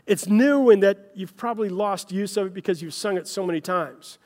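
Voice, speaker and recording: A man's voice: high voice, a little fast, a little mellow, big-room sound. A man preaching a conversational sermon as pastor, telling stories in a folksy way and speaking straight to his listeners. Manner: folksy storytelling, addresses listeners as "guys".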